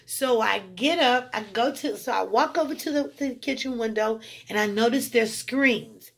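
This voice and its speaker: A woman telling a long, animated first-person account of a dream, acting out what she said in it. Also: a little high, normal speed. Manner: animated storytelling, acting out her own past words. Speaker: spiritual channel host.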